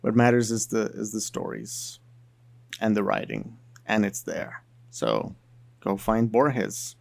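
Gravelly low-voiced man explaining casually. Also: slow, darkish tone, dry recording. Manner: chatty, many fillers like "you know". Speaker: video essayist on languages.

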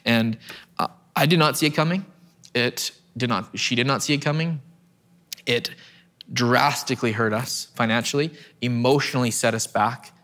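A man's voice: mid-range voice, fairly bright tone. Man preaching a casual, chatty sermon. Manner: conversational, self-deprecating, repeats words when restarting. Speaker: pastor. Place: church stage.

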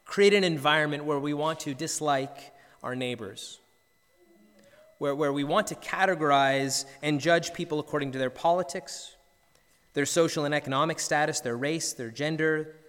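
A man's voice: fairly high pitch, moderate pace, fairly bright tone. A man, a pastor preaching a sermon, telling a story earnestly and often repeating words as he goes. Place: church sanctuary. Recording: long church reverb.

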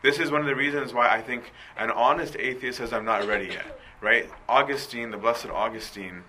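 Bright-voiced preacher asking "right?". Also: male voice, medium pitch, fairly quick, a little hiss or hum, rough recording. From Coptic Christian community. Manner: conversational, rhetorical questions, frequent "right?". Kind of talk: sermon.

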